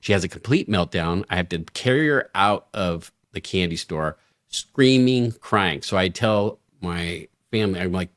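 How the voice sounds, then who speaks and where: A middle-aged man co-hosting a podcast, telling a story in a lively way and acting out the quoted voices. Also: on the low side, moderate pace, no echo, studio quality. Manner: animated storyteller, acts out quoted lines. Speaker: podcast co-host. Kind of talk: casual storytelling chat.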